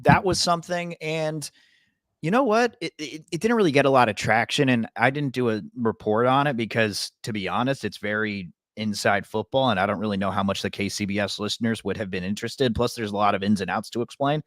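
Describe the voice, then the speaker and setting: A man co-hosting a sports podcast in a relaxed, rambling way with many fillers. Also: on the low side, brisk, no echo, clean studio sound. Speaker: sports podcast co-host and radio reporter. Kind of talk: casual chat.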